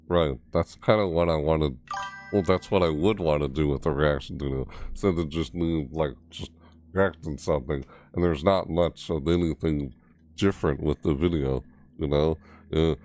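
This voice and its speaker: Male streamer with an extremely deep, throaty voice, rambling and self-interrupting as he chats. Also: darkish tone. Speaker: streamer reacting to game news. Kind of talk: casual live-stream chat.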